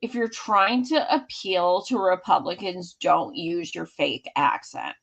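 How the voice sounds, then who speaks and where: A woman's voice: fairly low pitch, expressive, measured pace, vocal fry, fairly bright tone, dull audio. A woman hosting a podcast, talking politics in a blunt, heated, profane way. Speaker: podcast host. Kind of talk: casual political chat.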